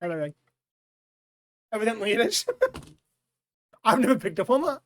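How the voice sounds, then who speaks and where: A man co-hosting a comedy podcast, talking in excitable casual banter and breaking into loud silly shouts and laughter. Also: sits high, moderate pace. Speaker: podcast co-host.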